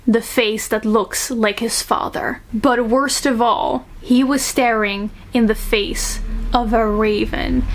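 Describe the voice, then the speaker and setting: Slow-talking, gushing woman book reviewer. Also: fairly high pitch. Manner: gushing, self-mocking, laughs often. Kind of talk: casual book review with read-aloud excerpts.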